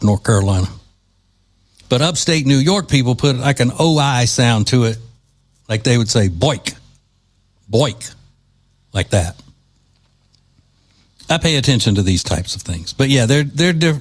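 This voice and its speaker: Male talk radio host. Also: medium pitch. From Louisiana. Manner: joking, wry, sarcastic asides. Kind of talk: casual talk radio monologue.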